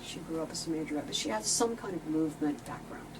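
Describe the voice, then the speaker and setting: A woman in her late sixties, a guest telling chatty, animated stories about her past work. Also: sits low, quick pace. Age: 60s. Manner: chatty, animated, acts out quoted voices. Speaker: interview guest, former visual merchandiser. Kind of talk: casual storytelling chat. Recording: distant mic with clear background noise.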